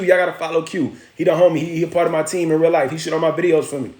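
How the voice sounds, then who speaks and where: A man's voice: on the high side, fast, few pauses, darkish tone, slight background noise. A man hosting a live stream, telling a story in loose slang and breaking off to greet and thank viewers. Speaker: livestream host. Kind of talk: casual storytelling with viewer shout-outs. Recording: roomy echo.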